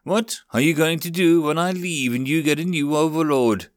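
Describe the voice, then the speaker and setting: A man's voice: a little high, fairly even intonation, moderate pace, no room sound, studio quality, voice pushed up, lightly acted. A man voicing a wry, patient adult human wizard in a storybook reading, with a foreign-sounding voice. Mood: amused.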